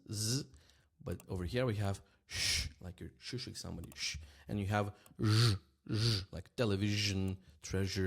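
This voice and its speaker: A man runs a relaxed language lesson, speaking on the low side with vocal fry. He often asks "right?" as he slowly repeats the example words.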